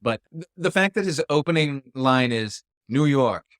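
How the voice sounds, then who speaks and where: A man's voice: on the high side, animated, normal speed, a bit bright, dry recording. Man chatting on a dry close mic. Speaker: podcast co-host. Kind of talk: casual chat.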